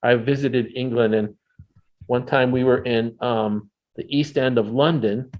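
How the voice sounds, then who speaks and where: American man explaining things, relaxed. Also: mid-range voice, a little slow, highs cut off. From United States. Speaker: guest. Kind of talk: casual video call chat. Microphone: video call.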